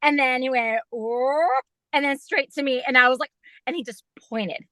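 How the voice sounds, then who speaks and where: A woman guest telling an excited, rambling story in an interview, full of fillers. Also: sits high, brisk, no room sound. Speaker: guest fan.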